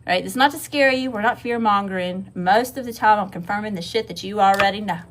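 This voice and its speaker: A woman's voice: mid-range voice, fast, fairly bright tone, slight background noise. A woman from Mississippi with a Southern accent, giving a casual livestream tarot reading, swearing freely and calling her viewers y'all. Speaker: tarot reader.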